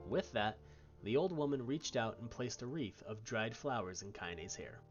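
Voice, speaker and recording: A man streamer reading story text aloud in an expressive way. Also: mid-range voice, moderate pace, highs cut off, soft background music.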